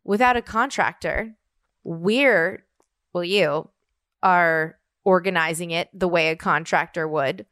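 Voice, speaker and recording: A woman co-hosting a podcast in casual chat, teasing and quick to cut in. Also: fairly low pitch, fairly bright tone, dry recording, clean studio sound. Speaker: podcast co-host.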